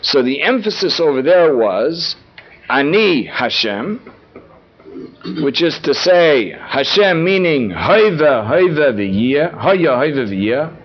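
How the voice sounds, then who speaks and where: A man's voice: on the high side, very animated, takes it slowly, a little hiss or hum. A man teaching a text study lesson, explaining word meanings and repeating key phrases for emphasis. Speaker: Torah teacher. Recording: dull lo-fi recording.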